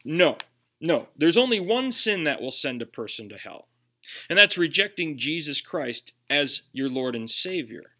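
A man's voice: fairly high pitch, big pitch swings, a little slow, bright, forceful tone. A man with a Minnesotan accent, preaching a sermon earnestly, with emphatic rhetorical questions. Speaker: pastor.

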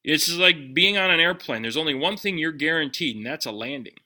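A man preaching a sermon in a conversational way, putting direct questions to his listeners and dropping his voice low on key lines. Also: expressive, a little fast, bright, forceful tone. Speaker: pastor.

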